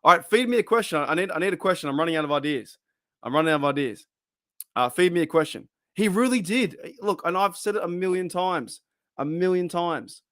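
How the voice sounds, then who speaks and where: An Australian man hosting a live fan stream, his voice sitting a little high for a man. He rambles, laughs often and restarts his sentences mid-thought. The sound is close and dry, with no room around it. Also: lively intonation, brisk, a bit bright, no room sound. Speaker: fan channel host. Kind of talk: casual live-stream chat.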